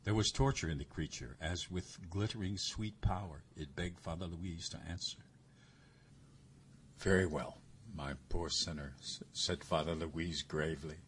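A man narrating a story in a measured, expressive way. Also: deep voice, a little hiss or hum. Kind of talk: story reading.

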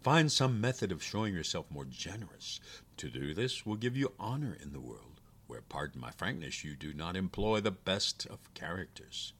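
A man voicing a cunning male soldier in a storybook reading, speaking gravely and boldly. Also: sits low, moderate pace, a little hiss or hum. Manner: grave, flattering and bold. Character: bold cunning soldier posing as doctor.

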